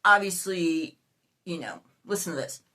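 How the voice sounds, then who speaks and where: A woman in her fifties hosting a casual vlog and ranting in an exasperated, animated way, with sudden outbursts. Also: on the low side, unhurried. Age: 50s. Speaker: YouTuber.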